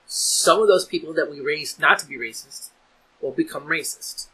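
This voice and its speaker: A man's voice: fairly high pitch, moderate pace, sharp tone, breathy edge, rough recording. A man talking earnestly in a casual podcast discussion, restarting and repeating words as he builds his point. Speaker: podcast host.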